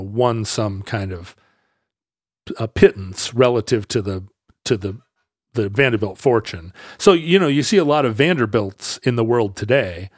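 A man in a casual podcast chat, spinning a long history story at a middle pitch. He backtracks and corrects himself often. The recording is close and dry, with no room sound. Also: dry recording. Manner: rambling, self-correcting, laughs easily, tries funny voices.

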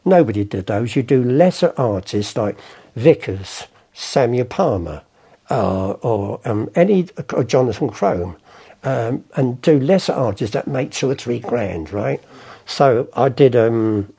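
A former art forger, now an older man, rambles through stories during an interview, performing the voices of characters in his anecdotes. He speaks in an unhurried, animated way, his gravelly voice medium-pitched and warm.

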